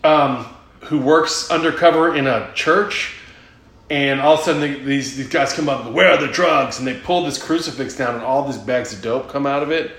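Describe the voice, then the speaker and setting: A man's voice: medium pitch, moderate pace, fairly bright tone. A man chatting casually, retelling a movie plot in a rambling, profane way and laughing often. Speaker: podcast host. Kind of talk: casual chat. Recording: echoey room.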